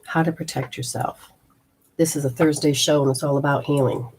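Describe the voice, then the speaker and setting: A woman's voice: low-pitched, fairly even intonation, a little fast, a little mellow, slight background noise. A woman hosting a healing show, talking straight to the viewer, emphatic and folksy, with rhetorical questions and exclamatory asides. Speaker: host and energy healer. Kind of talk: instructional health show.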